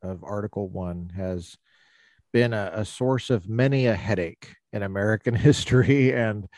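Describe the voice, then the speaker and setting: A man hosting a conversational podcast interview, wry and quick to laugh, with sarcastic asides. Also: lowish voice, darkish tone, dry recording. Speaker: podcast host, professor.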